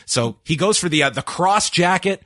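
A man's voice: high voice, expressive, moderate pace, sharp tone, dry recording. Guy recapping wrestling, wry, lots of uhs, dead dry sound. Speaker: wrestling show reviewer. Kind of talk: casual recap chat.

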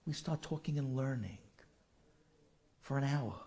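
A man with a medium-pitched, dark-toned voice recounts an emotional personal story, stopping and starting as he goes. At times his voice falls to a whisper, and he weaves in words from Yiddish and Hebrew.

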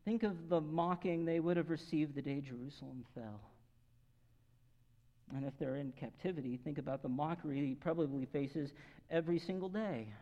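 Earnest pastor preaching in a reverberant hall. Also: male voice, a little high. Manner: earnest and emphatic, swinging between raised and quiet passages. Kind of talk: sermon. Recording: long hall reverb, dull lo-fi sound.

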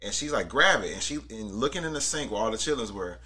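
A man's voice: on the low side, animated, fast, a bit bright, breathy edge. A man telling a funny family story in casual chat, laughing often.

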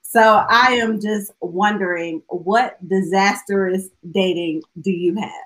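A woman with a mid-range voice hosts a relaxed podcast. She introduces her guest in a chatty, casual way. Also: mid-range voice, slow pace, rough recording. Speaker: podcast host. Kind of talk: casual chat.

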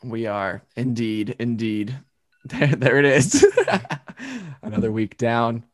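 A young man co-hosting a podcast, telling stories in an animated way and laughing often. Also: medium pitch, slow, no echo. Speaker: podcast co-host. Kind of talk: casual chat.

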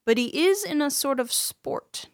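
A woman's voice: high-pitched, animated, measured pace, no room sound, clean studio sound. A woman co-hosting a comedy podcast, teasing and playfully quizzing her partner. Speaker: podcast co-host. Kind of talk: comedic casual chat.

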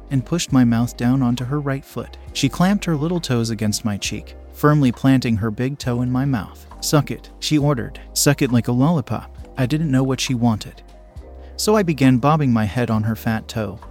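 A man narrating a first-person story in a steady, measured way. His voice sits in an ordinary middle pitch. Faint music plays underneath the reading.

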